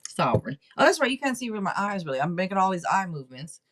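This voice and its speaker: A woman hosts a relaxed tarot livestream and speaks straight to her viewers. She is frank and teasing, with a mid-pitched voice that moves up and down a lot. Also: fast talker, slightly rough. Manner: direct and playful, teasing viewers. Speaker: tarot reader and livestream host. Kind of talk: casual livestream tarot reading.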